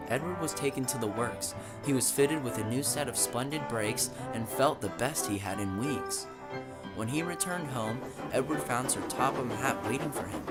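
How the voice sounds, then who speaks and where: A man narrating a children's train story in an expressive, dramatic storytelling way. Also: mid-range voice, moderate pace, over loud music.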